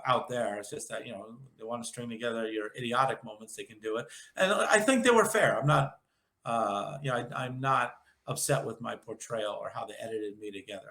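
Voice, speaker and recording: Guest: quick, nasal New York man in his fifties, jokey rambler, roomy echoey sound. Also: mid-range voice, a bit bright. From Long Island, New York. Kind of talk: casual interview chat.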